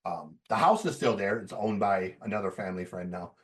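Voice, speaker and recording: A man telling stories on a podcast in a casual, profane, animated way. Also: low-pitched, fairly quick, distant mic. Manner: profane, animated storyteller who laughs as he talks.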